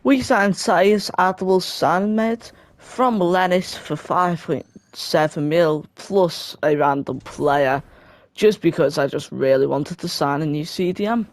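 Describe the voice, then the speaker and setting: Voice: mid-range voice, no echo, studio quality. A young adult giving a casual, chatty voice-over of a football game, correcting themself and laughing briefly along the way. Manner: chatty, self-correcting, quick laughing asides. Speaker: gaming video creator.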